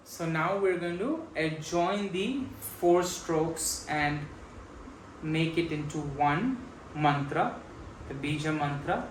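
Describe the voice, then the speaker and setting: A man's voice: on the high side, animated, slow, loud music behind the voice. A man teaching a mridanga class, patiently explaining strokes and chanting the drum syllables aloud. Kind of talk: slow step-by-step music lesson. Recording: echoey room with clear background noise.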